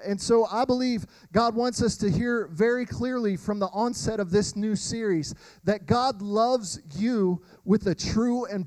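A man, preaching a sermon and telling animated personal stories to the congregation. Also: high-pitched, dry recording, poor audio. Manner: animated storytelling, addresses crowd as y'all. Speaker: pastor.

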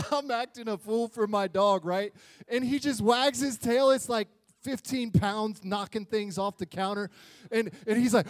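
A male pastor with a high-pitched voice preaching a sermon. He jokes and gets animated, swinging between loud bursts and quiet, earnest stretches. The sound is dry and close. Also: measured pace, no room sound.

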